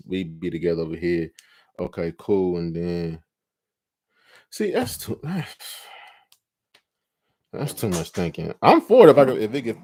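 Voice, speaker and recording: A man hosting a live stream, talking casually and profanely, animated and laughing often as he acts out scenes. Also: deep voice. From California.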